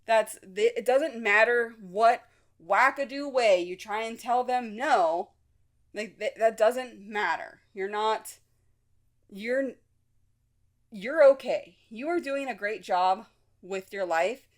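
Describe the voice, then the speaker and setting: A woman with a slightly high voice speaks slowly as she hosts her own podcast. She's a mother, and her solo talk is casual and frank, full of fillers and restarts.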